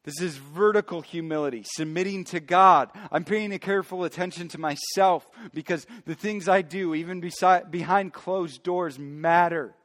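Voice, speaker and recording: A male pastor preaching a sermon emphatically, moving between loud declarations and quiet, hushed asides. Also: sits high, moderate pace, hardly any pauses, big-room sound.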